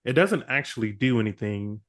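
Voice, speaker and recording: A mocking male villain teases the heroes over an intercom, as a man running a tabletop game puts him on. The voice sits at an ordinary middle pitch and stays close to the narrator's own. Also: animated, fairly quick, a bit bright, lightly acted. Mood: taunting. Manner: mocking, teasing.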